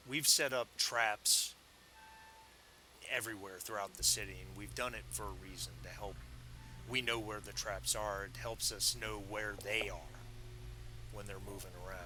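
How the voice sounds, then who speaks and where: Man as a weary older leader, measured and firm, slightly lowered. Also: noisy background, close to an everyday voice. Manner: slow measured speech.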